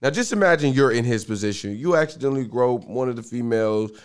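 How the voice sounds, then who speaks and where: A male podcast host with a lively, bouncing voice that swings up and down as he jokes around. He talks loud and casual, swears freely and breaks into laughs often. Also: mid-range voice, quick pace, clear, resonant tone.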